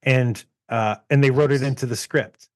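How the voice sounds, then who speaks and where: A man's voice: medium pitch, steady tone, normal speed, dry recording, clean studio sound. A man co-hosting a movie podcast in casual chat, rambling and laughing as he retells anecdotes. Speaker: podcast co-host.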